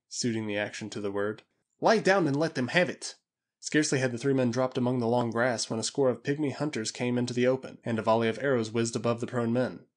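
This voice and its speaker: A male audiobook narrator with a middling pitch. He tells an adventure story in a measured, even way that stays steady from line to line.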